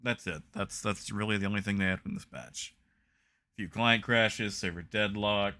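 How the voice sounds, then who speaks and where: Wry bright-voiced male streamer. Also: fairly low pitch, moderate pace. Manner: wry, reads patch notes aloud with dry jokes. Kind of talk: casual live-stream chat.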